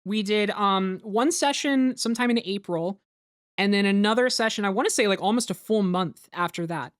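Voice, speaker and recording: A woman in casual commentary chat, talking quickly with lots of fillers and some swearing. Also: medium pitch, no echo, clean studio sound. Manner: fast, swearing, many fillers. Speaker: show creator and host.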